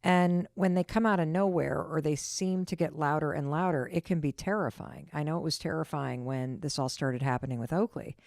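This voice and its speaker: A woman's voice: deep voice, fairly quick, creaky, hardly any pauses, a little mellow, dry recording, studio quality. A middle-aged woman hosting a podcast, talking in an earnest, reassuring and emphatic way. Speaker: podcast host. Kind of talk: casual podcast conversation.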